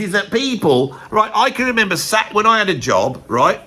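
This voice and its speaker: A man's voice: high voice, sing-song, moderate pace, over music. Rambling, opinionated man. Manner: chatty, rambling, emphatic, peppered with "right". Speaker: musician and video host. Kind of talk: opinionated music countdown vlog.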